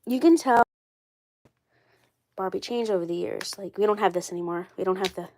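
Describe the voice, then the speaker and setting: A woman's voice: medium pitch, a little fast, darkish tone, slight background noise. A woman with a cold, sounding congested, chatting casually on a live stream and rambling with lots of fillers and repeats. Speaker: doll collector vlogger.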